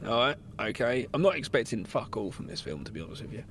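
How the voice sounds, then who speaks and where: A hoarse man co-hosts a podcast and jokes his way through chatty film banter. His pitch swings up and down a lot, with faint noise in the background. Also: sing-song, rapid-fire. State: hoarse throat. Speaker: podcast co-host. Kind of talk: casual film-review banter.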